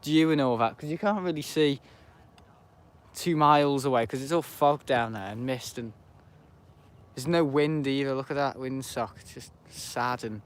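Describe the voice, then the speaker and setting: A man's voice: mid-range voice, normal speed. A man giving rambling, chatty live commentary while planespotting outdoors beside an airport, often correcting himself. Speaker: planespotting livestreamer.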